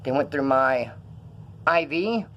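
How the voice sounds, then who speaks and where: A man's voice: medium pitch, expressive, takes it slowly, muffled recording, a little hiss or hum. A young man telling stories in a rambling, profane way while feeling ill, filming himself in a room. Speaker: vlogger. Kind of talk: casual rambling vlog.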